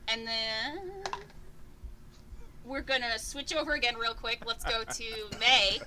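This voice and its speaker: A woman's voice: fairly high pitch, takes it slowly. A woman narrating a tabletop game as game master, casual and joking. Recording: faint background noise.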